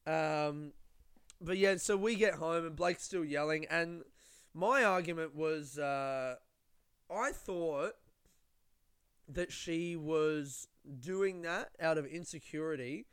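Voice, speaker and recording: A man's voice: fairly high pitch, takes it slowly, a bit bright, smooth, dry recording, studio quality. Sweary young Australian man telling stories. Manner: sweary, rambling, self-mocking. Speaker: comedian and podcast host. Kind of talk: casual storytelling.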